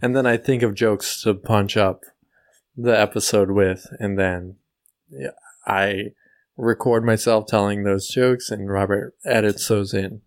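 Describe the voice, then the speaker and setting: A man co-hosting a comedy podcast who trades crude, teasing banter with his friends. He talks slowly and unhurriedly. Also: fairly low pitch, fairly even intonation. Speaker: podcast co-host.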